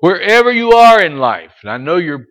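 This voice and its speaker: A middle-aged man preaching a sermon as pastor, dropping to soft asides and rising to loud, slow exhortations, and calling out to listeners by name. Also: sits high, sing-song.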